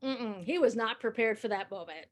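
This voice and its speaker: A woman's voice: a little high, normal speed, noisy background. A woman in her fifties doing stand-up comedy, telling a long story in a conversational, self-deprecating way and chuckling as she goes.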